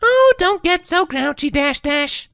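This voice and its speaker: A woman's voice: very high voice, sing-song, normal speed, no echo, clean studio sound, heavily acted. A woman voicing a bubbly, chirpy female party pony in a fan audiobook. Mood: soothing. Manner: chirpy, bouncy.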